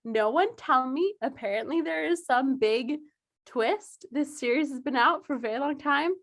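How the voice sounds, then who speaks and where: This is a young woman with a high voice, co-hosting a casual podcast chat. She tells her stories with lots of energy, slips into quoted voices and laughs often. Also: normal speed, fairly bright tone. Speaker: podcast co-host.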